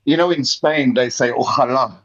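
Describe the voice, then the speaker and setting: A man's voice: mid-range voice, moderate pace, fairly bright tone. Laid-back Australian man calling in. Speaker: caller. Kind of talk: casual phone-in chat. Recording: dull lo-fi call audio.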